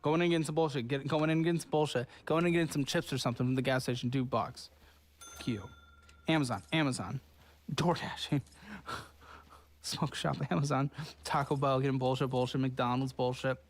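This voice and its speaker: A man's voice: mid-range voice, fairly even intonation, fairly quick. A man hosting from a studio, harshly berating a guest over her spending in a profane, scornful tirade. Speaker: host. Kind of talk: berating financial review.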